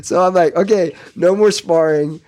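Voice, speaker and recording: A man in his fifties, a gym owner, telling animated stories in casual podcast chat and acting out the voices of people he quotes. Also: sits high, normal speed. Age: 50s. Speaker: jiu-jitsu gym owner and guest.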